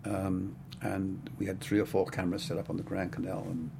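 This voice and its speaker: A low, gravelly older man recalling his work as a cinematographer in an easygoing interview. He rambles, circling back with "I mean" and "you know". A faint hiss sits under the recording. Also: little pitch movement, brisk. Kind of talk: casual interview storytelling.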